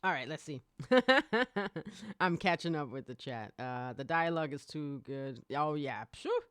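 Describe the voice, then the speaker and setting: Excitable rambling podcast host, dry sound. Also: mid-range voice, a little slow, smooth, no echo. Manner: excitable, rambling, swears, laughs often. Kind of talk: casual live-stream podcast chat.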